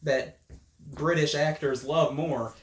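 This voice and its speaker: A man's voice: a little high, fairly even intonation, takes it slowly, roomy sound. A man hosting a podcast, chatting casually in a joking, rambling way. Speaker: podcast host. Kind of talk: casual chat.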